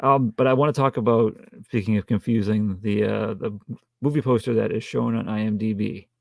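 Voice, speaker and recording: A man co-hosting a casual film review podcast, making dry, deadpan jokes. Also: on the low side, a little fast, creaky, no room sound. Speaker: podcast co-host.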